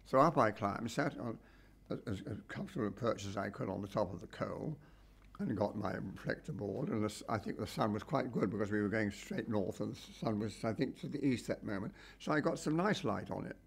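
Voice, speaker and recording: A man's voice: lowish voice, expressive, a little fast, gravelly, husky. An older man telling a rambling anecdote about a documentary shoot, with wry asides. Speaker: documentary cameraman recalling a shoot. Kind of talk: anecdotal reminiscence.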